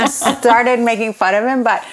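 A woman chatting on a podcast, telling a story with lively acted-out quotes and frequent laughter. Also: a little high, moderate pace, faint music behind. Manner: animated storyteller, acts out quotes, laughs often. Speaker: podcast guest. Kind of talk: casual chat, storytelling.

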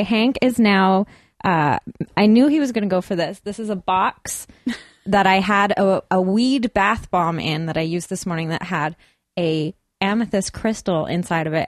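A woman's voice: medium pitch, moderate pace, no room sound. Woman podcast co-host, giggly anecdotes, close and dry. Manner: giggly, animated storytelling. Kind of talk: casual chat.

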